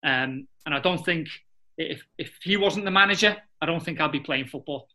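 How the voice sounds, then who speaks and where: Bright-voiced footballer telling stories. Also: male voice, on the high side, moderate pace. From England. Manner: lively anecdotal, laughs often, acts out quotes. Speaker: former footballer guest. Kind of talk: casual interview storytelling.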